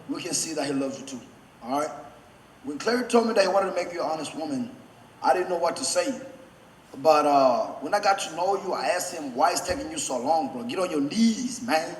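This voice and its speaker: Choked-up best man, halting and fairly high. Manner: halting, full of "uh" fillers and restarts. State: choked up, holding back tears. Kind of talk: wedding toast. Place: wedding reception hall. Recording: echoey reception hall with faint background noise.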